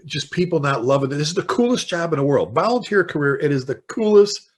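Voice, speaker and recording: A man in his sixties with a Chicago accent, a veteran fire chief telling lively stories as a podcast guest and slipping into impassioned rants. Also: fairly high pitch, fast. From Chicago, United States. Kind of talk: casual podcast interview.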